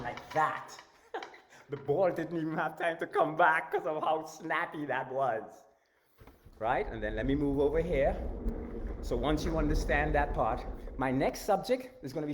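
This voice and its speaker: A man teaching martial arts strikes in a live-stream rant, emphatic and animated, shouting out strike sounds and often clearing his throat. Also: fairly high pitch, a little hiss or hum. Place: home training garage in the backyard.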